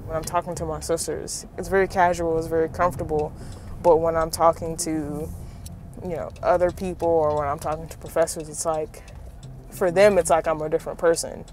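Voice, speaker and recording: Woman, very low voice, flat delivery, earnest reflective talk. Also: brisk, soft background music. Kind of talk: casual interview talk.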